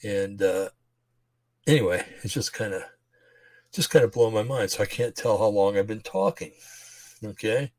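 A man's voice: on the low side, expressive, moderate pace, pauses often, darkish tone, no echo. A man rambling through religious commentary on a livestream, slightly out of breath, full of fillers and restarts. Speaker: podcast host.

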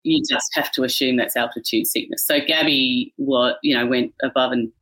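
Low-voiced middle-aged Australian woman. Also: steady tone, fairly bright tone, poor audio. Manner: measured, with small restarts. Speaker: guest. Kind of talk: interview recollection.

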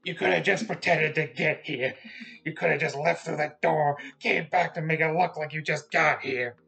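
A man's voice: a little high, fairly even intonation, moderate pace, creaky, bright, forceful tone, voice pushed up. A man voicing a grieving male goblin who sobs and wails accusations. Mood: accusing. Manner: wailing, accusing. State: crying.

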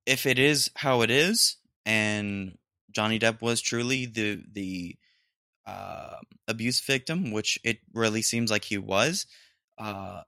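Bright-toned rambling male podcaster. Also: lowish voice, no room sound, studio quality. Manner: rambling, full of ums and restarts, crude jokes. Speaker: podcast host. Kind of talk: solo podcast rant.

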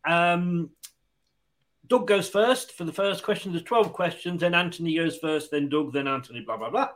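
A man's voice: on the high side, moderate pace, a bit bright. A man hosting a casual online quiz, joking and laughing as he explains the rules and reads comments. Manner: jokey, chatty, laughs often. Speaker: quiz host.

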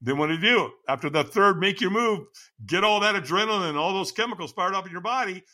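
A man who works as a firewalk instructor, telling excited stories in an interview and acting out quotes with lots of laughter. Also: high voice, fast. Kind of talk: animated storytelling.

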